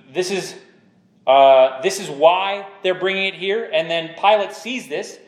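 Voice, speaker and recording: A man with a notably high voice delivers an emphatic sermon. He drives his points home with repeated rhetorical questions aimed at the listeners. The sound carries a roomy echo. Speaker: preacher.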